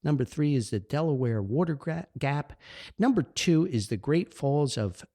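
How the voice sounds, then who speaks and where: A man's voice: on the high side, animated, normal speed, warm tone. A man with a New Jersey accent hosting a solo podcast, talking with enthusiasm and rambling from point to point. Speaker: podcast host.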